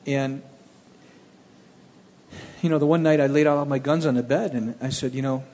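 A man from the Cleveland area telling his own testimony in a plainspoken, animated storytelling way. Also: medium pitch, moderate pace, big-room sound.

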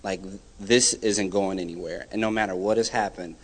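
A young man tells his own story before a church gathering, breaking into the voices of friends as he goes. His delivery is animated and heartfelt. The sound carries a long reverb from a large hall. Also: low-pitched, normal speed. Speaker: church guest giving a testimony. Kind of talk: personal testimony.

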